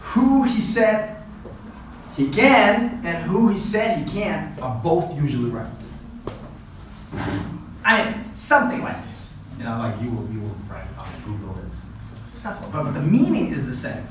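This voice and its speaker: A man from Uzbekistan whose first language is Uzbek, giving an animated motivational talk to students that is full of repetitions and questions like "right?". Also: a little high, a little slow. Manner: animated, repeats himself, keeps asking "right?". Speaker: guest presenter at a language academy. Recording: heavy echo, far from mic, faint noise.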